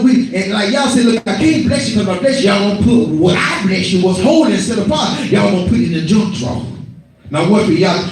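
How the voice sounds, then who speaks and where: High-voiced man preaching in an echoey hall. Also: far from the mic. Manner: fervent, shouting preaching with repeated phrases. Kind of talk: sermon. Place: worship hall.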